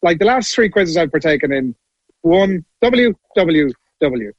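A man's voice: fairly high pitch, big pitch swings, a little slow, no echo, highs cut off. A man gloating and teasing the others in casual banter after winning a quiz. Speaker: quiz contestant.

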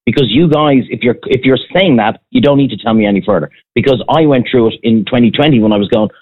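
An Irish man, a former restaurant owner appearing as a podcast guest, rants bluntly in casual chat with some profanity. His medium-pitched voice moves quickly with few pauses, and the audio is tinny, like a phone line.

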